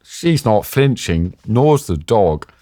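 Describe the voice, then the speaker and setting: Lower-voiced British man telling war stories. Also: slow, no echo. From Britain. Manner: lively, self-mocking, acts out quotes. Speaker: interview guest, war journalist. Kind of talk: animated anecdotal storytelling.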